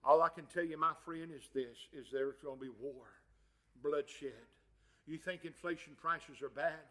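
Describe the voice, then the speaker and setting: A man preaching a fervent sermon. He moves from quiet, folksy asides to shouted passages and calls his listeners "my friend" and "honey.". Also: fairly high pitch, measured pace, rough recording.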